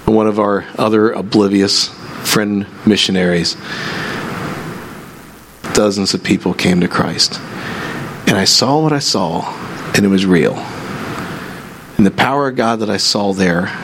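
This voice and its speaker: A man preaching a sermon, telling a story with animated, rising excitement before settling into prayer. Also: fairly low pitch, background noise. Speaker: pastor.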